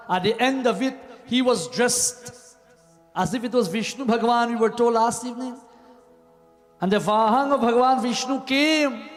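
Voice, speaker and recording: A man giving a devotional sermon as a pandit, preaching and often dropping to a low murmur on repeated refrains. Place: temple hall. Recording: long hall reverb with faint music.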